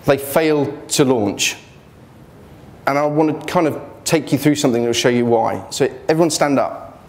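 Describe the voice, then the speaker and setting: A man's voice: mid-range voice, normal speed. A man giving an informal motivational talk about his business failures, blunt and joking, speaking in a students' union hall.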